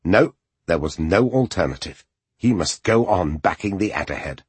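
A man reading an audiobook as its narrator, in expressive, measured storytelling. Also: deep voice, breathy edge, no room sound.

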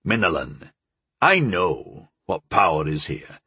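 A wise old hedge mage, as a male reader puts him on, deep and unhurried, each word set down slowly and gravely. His husky voice sits low. The sound is dry and close, with no room around it. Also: big pitch swings, bright, forceful tone, dry recording, heavily acted. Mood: calm. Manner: slow, measured and low.

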